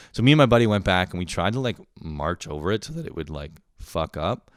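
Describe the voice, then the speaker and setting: A man's voice: low-pitched, expressive, fast, hardly any pauses, no echo, clean studio sound. A young man from Canada hosting a podcast, telling stories in a rambling, profane, casual monologue and laughing often. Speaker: podcast host.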